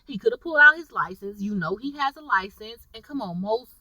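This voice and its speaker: A woman tells her viewers what happened in an episode, animated and chatty. Her voice sits high and sounds very bright and sharp. She is a little distant from the mic in a dry room. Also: a little fast, no echo. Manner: animated, chatty storytelling, addresses viewers directly. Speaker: TV episode reviewer. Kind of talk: casual episode recap to viewers.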